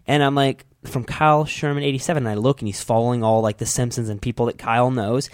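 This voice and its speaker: A man in a chatty co-host role talks quickly, teasing his friends as he tells stories. His voice sits at a middle pitch. The sound is dry and close. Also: fairly even intonation, no echo. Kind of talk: casual podcast banter. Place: studio.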